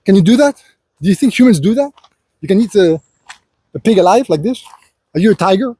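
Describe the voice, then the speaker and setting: A man's voice: high-pitched, expressive, brisk, warm tone, husky, dry recording. A man speaking in an unscripted personal monologue, rambling and full of filler phrases as he lectures the listener and calls him "son". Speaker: vlogger.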